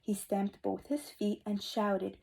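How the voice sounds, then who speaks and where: A woman teacher reading a picture book aloud to young children, expressive and asking them questions, dropping to whispers for asides. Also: medium pitch, slow pace, creaky, breathy edge, poor audio. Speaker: kindergarten teacher.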